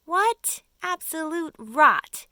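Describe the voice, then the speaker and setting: A woman voicing a boastful male centipede who blusters loudly and turns jittery. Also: sits high, sing-song, normal speed, no echo, clean studio sound, exaggerated voice. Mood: scoffing. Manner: loud, blustering exclamations.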